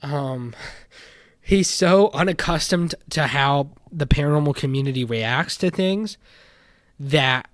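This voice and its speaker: A young man hosting a casual podcast, commenting on paranormal community drama with animated indignation that drops into muttering. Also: a little high, takes it slowly, no echo, studio quality. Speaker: podcast host.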